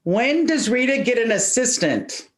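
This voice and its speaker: A woman's voice: on the high side, sing-song, measured pace. A woman leading a question segment in a casual group chat, laughing and teasing the team.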